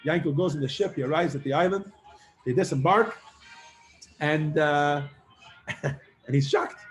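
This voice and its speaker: High-pitched guy teacher telling a story to his class, super animated, light music under it. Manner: animated storyteller, acts out characters with many fillers. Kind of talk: storytelling lesson to students.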